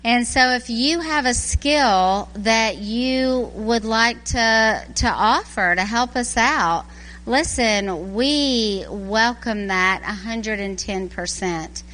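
A woman's voice: fairly high pitch, slow, fairly bright tone, low-quality recording. A woman making informal, friendly announcements to a congregation during a church service.

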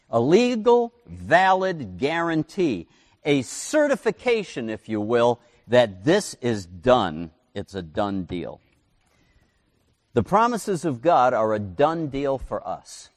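A man preaching a sermon as pastor, with animated delivery, swinging his pitch and volume and acting out quotes. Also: unhurried, big-room sound.

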